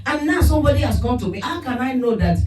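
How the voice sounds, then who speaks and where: A woman preaches a sermon in an animated way, breaking into laughter and acting out quoted voices. Her voice is mellow and sits back from the mic. An echoey room carries soft music behind her. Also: high-pitched, fast, distant mic.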